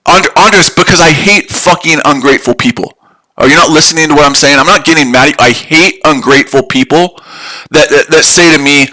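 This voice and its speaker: A man venting into a desk mic on a live trading stream. He is heated and profane and keeps repeating himself. His voice is bright and tense and sits a little high. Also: brisk, low-quality recording. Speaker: livestream trading host. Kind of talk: angry live-stream rant.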